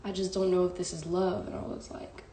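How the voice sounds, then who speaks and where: Gravelly, low-voiced young woman. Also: level tone, a little fast, warm tone. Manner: candid and emotional, heavy use of "like" and "bro". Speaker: live-stream host. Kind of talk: casual storytelling to viewers. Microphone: phone live stream. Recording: echoey room with faint background hiss.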